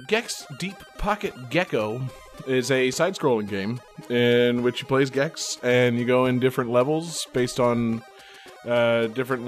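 A man with a Boston accent chatting casually on a podcast, rambling with many fillers and laughing often. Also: medium pitch. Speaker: podcast co-host.

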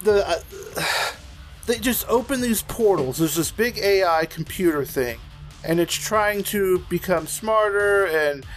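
A man's voice: high-pitched, lively intonation, takes it slowly, a bit bright, faint music behind. A man chatting on a podcast in a loose, rambling way, full of fillers and casual swearing. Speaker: podcast co-host. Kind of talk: casual chat.

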